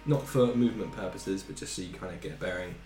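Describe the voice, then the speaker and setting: A man narrating as game master of a tabletop game, talking softly and trailing off. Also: low voice, fast, reverberant, faint music behind.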